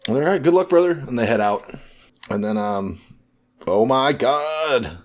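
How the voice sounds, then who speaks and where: A man co-hosting a casual podcast, retelling story scenes and quickly paraphrasing the characters' lines. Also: on the low side, lively intonation, a little mellow. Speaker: podcast co-host.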